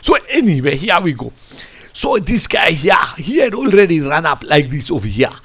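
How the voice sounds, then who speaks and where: A man coaching football, reviewing a match over a tactics board in an animated, rambling way. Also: fairly high pitch, normal speed, husky. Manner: animated, rambling, keeps saying "I tell you". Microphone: computer mic. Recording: lo-fi screen recording.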